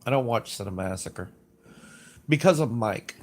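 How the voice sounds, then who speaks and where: A livestream host with a stuffy nose and congested sinuses chats casually and reads the chat, his medium-pitched voice lively in intonation and at normal speed. He rambles, repeats himself, and gives blunt opinions.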